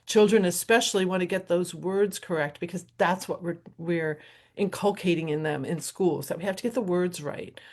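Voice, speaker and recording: A woman's voice: lowish voice, moderate pace, darkish tone. A middle-aged woman hosting her show, talking in a casual, rambling solo monologue with frequent laughs. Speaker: host and professional violinist.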